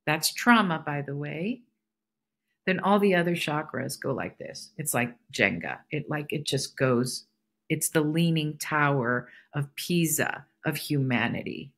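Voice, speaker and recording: Woman podcast host, husky lower voice, reflective spiritual solo musing. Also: lively intonation, a little slow, fairly bright tone. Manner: reflective, spiritual musing that circles back and repeats phrases. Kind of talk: casual solo podcast monologue.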